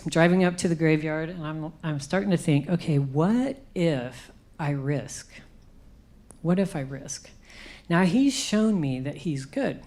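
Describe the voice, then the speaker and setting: Deep and mellow, this middle-aged woman's voice carries an emotional story of her own life as she speaks at a conference. She reenacts things she said in the past.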